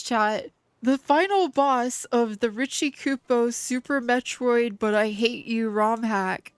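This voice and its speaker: Excitable woman streaming a game. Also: a little high, smooth, no room sound. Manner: excitable, swears often, talks to chat while playing. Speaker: VTuber streamer. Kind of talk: gaming livestream chat.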